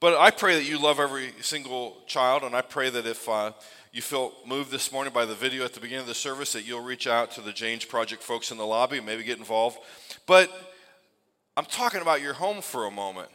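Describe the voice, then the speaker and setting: A man's voice: medium pitch, brisk, pushed and bright, long reverb tail. A middle-aged man preaching a sermon in a church, conversational and emphatic. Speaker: pastor. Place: church sanctuary.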